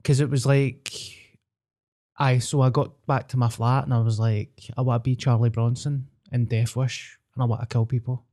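A young Glaswegian man with a mellow, dark-toned voice, chatting as a podcast co-host. He tells his stories loosely and swears freely, at a mid pitch. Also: level tone, normal speed. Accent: Scottish, Glaswegian. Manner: sweary, storytelling, acts out voices. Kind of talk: casual chat.

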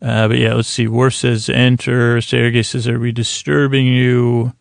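A man's voice: mid-range voice, level tone, normal speed, gravelly, no room sound, clean studio sound. A man hosting a sleep podcast, casually recapping a TV episode in a meandering, earnest way. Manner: meandering, many restarts and fillers, quietly earnest.

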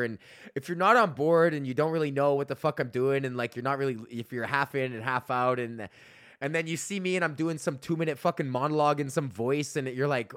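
A man hosting a podcast, telling a profane, animated story in a casual rant, often laughing. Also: medium pitch, no echo, clean studio sound. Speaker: podcast host. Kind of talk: casual ranting monologue.

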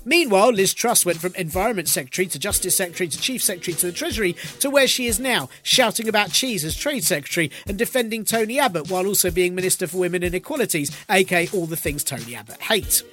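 A man hosting a podcast, delivering a dry, mocking political comedy monologue with quick asides. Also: sits high, expressive, pushed and bright, soft background music. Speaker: podcast host.

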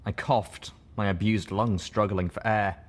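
A man with a fairly low voice narrates an audiobook in the first person. His reading is steady and measured, keeping an even pace.

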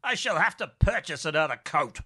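A man voicing a cranky wealthy gentleman who blusters and curses colourfully. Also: a little high, very animated, brisk, slightly rough, voice pushed up, full character voice. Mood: indignant. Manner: blustering, creative cursing.

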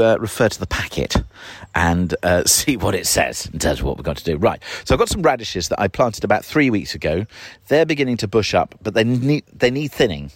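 Slightly out of breath, a chatty podcast host walks outdoors through his garden, giving a casual tour full of wry, self-deprecating asides. His voice is on the low side, and there's no room sound in the recording.

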